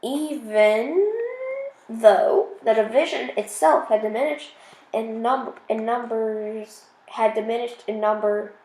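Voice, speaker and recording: A woman's voice: fairly high pitch, fairly even intonation, slow pace, darkish tone, echoey room, rough recording. Woman reading aloud, stumbling and restarting. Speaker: audiobook reader.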